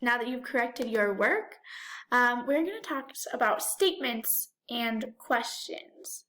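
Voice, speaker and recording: A woman's voice: a little high, animated, unhurried, a bit bright. A woman teacher giving a remote lesson to young children, talking directly to them in an encouraging, sing-song way.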